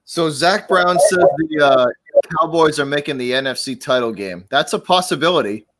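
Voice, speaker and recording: A man on a casual live stream, easygoing and quick to laugh. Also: fairly high pitch, animated, a bit bright.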